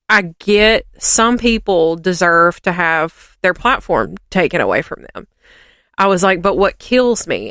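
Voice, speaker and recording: A woman's voice: fairly low pitch, a bit bright, clear, resonant tone, dry recording, clean studio sound. A woman co-hosting a podcast, rambling and ranting in casual chat with lots of fillers. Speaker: podcast co-host.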